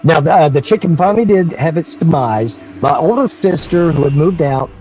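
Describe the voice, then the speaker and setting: A man's voice: on the high side, animated, moderate pace, darkish tone, faint music behind, rough recording. A man, telling a story on a livestream in a rambling way, with restarts and chuckles. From North Carolina. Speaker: guest storyteller.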